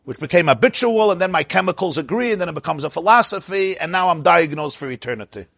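A man with a somewhat husky, slightly high voice leads an informal religious class. He talks in a chatty, digressive way, laughs often and keeps checking in with his listeners. The sound is dry and close. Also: expressive, fast, fairly bright tone, no room sound. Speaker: rabbi teaching a class. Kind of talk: informal Torah class lecture.

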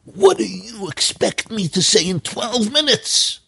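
A man's voice: lowish voice, fast talker, vocal fry, a bit bright, husky, heavily acted. A man voicing a conceited, self-adoring male professor who talks with scorn and disbelief. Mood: scornful. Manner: scornful, incredulous.

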